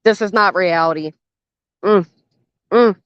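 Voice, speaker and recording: A woman's voice: mid-range voice, measured pace, smooth, no room sound. An older woman hosting a reaction commentary channel, blunt, sarcastic and swearing freely, recorded outdoors by a garden fence. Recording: dull, dry lo-fi sound.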